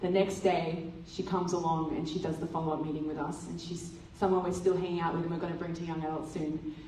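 A woman giving a testimony sermon at church, telling a lively story and acting out the dialogue. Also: fairly low pitch, quick pace, slight background noise. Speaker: church speaker. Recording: roomy hall from a distant mic.

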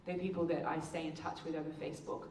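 A woman giving a testimony talk as a speaker, telling stories and acting out the quotes with big jumps in pitch. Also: level tone, fast talker, darkish tone, a little hiss or hum. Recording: echoey room, heard from a distance.

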